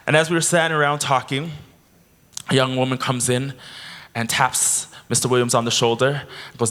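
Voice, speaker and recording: A man's voice: mid-range voice, normal speed. Man telling a story at a keynote. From Canada. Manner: animated storyteller. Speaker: keynote speaker. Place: convention hall.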